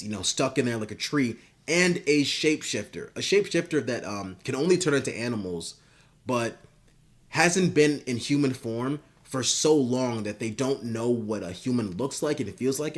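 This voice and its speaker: Man, casual rambling pitch, swears, filler-heavy, mid-range voice. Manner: rambling and profane, with many fillers. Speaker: video creator. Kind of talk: casual spoken pitch of a story.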